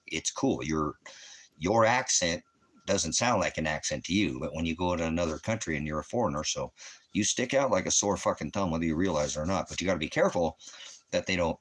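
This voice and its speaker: Deep-voiced man, 50s, American, profane rambling rant. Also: expressive, brisk, fairly bright tone. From United States. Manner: profane, ranting, loose and rambling. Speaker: channel host. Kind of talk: casual rambling monologue. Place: at home.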